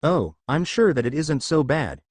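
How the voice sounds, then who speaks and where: Brief: bookish British goth schoolgirl, sardonic, read by a man, crisp dry sound. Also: a little high, sing-song, normal speed, darkish tone, no echo. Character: young adult British goth girl, bookish and teasing.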